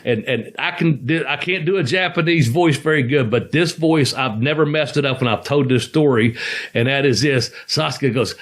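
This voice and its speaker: A man's voice: mid-range voice, fairly quick, fairly bright tone. A man co-hosting a podcast, a former wrestler telling rambling, profane stories and laughing as he goes. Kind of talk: casual storytelling chat.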